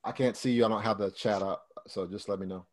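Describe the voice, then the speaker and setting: Relaxed man teaching over a video call. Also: on the low side, fast talker. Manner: conversational, loose, repeats and restarts while explaining. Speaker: Bible Hebrew teacher. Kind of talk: casual online study session. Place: online fellowship call.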